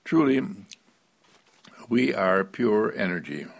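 A man's voice: on the low side, very animated, slow pace, gravelly. A man giving a short inspirational self-help talk, repeating phrases with emphasis and an occasional chuckle. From United States. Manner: repetitive, emphatic, chuckling now and then. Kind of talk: inspirational monologue.

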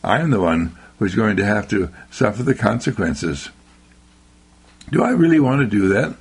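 A man, a university dean, giving a slow, emphatic inspirational radio talk with lots of repetition and exclamations. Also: on the low side, animated, breathy edge.

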